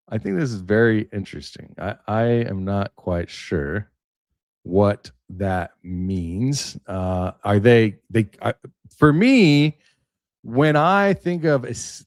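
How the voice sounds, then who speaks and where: A man's voice: medium pitch, dry recording, studio quality. A man hosting a casual commentary show, chatty, reading articles aloud with joking asides. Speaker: political commentary host.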